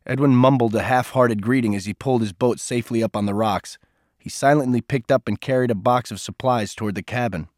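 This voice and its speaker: A man narrating a novel as an audiobook, measured and even in his telling. His voice sits at a middle pitch and is recorded dry and close, with no room sound. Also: no room sound.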